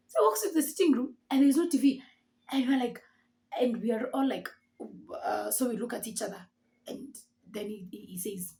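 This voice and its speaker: Lively Kenyan woman telling a story. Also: high-pitched, fairly quick. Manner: animated, acts out the dialogue. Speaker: vlogger. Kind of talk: storytelling to camera.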